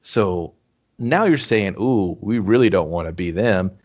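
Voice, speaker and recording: A man's voice: low voice, a little slow, muffled recording. A man co-hosting a casual movie review talk, animatedly acting out scenes with swearing and laughter. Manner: animated, acts out characters with profanity and laughter. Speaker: podcast co-host.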